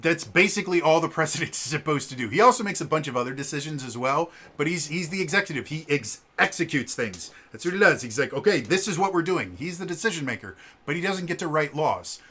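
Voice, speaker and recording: Chatty man with a bright voice. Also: on the high side, animated, fast talker, few pauses, slightly rough. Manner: chatty, many restarts and stumbles. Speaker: vlogger. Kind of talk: casual explainer vlog.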